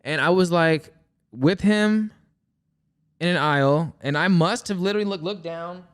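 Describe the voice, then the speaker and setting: A young man with a high-pitched, smooth voice speaks at normal speed while co-hosting a podcast. The chat is casual, and he's an animated storyteller who acts out quotes.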